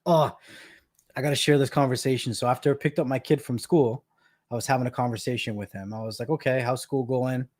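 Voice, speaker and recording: A Canadian man in his thirties chats casually on his live stream, telling stories and laughing often. His voice is medium-pitched, steady, a little fast and a little mellow, and he tends to repeat words.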